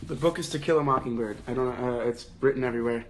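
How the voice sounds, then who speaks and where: A young man hosting a casual livestream book club from his phone. He thinks out loud with many restarts and fillers, and raises his voice when he quotes lines. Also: mid-range voice, fast.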